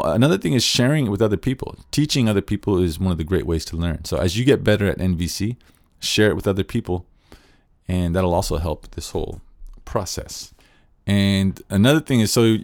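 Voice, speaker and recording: A man's voice: low voice, darkish tone, dry recording, studio quality. A man giving an earnest, casual spoken lesson on nonviolent communication, thinking aloud with frequent restarts.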